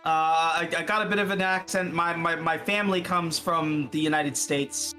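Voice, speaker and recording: A man from Canada playing in a tabletop game, talking in a friendly, halting way and repeating words. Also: a little high, steady tone, pushed and bright, soft background music. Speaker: player. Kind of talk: casual chat.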